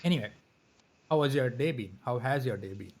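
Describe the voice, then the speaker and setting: A man co-hosting a casual live-stream chat, talking haltingly with frequent restarts and small laughs. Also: medium pitch, animated, darkish tone. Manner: hesitant, many restarts and laughs. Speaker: podcast co-host.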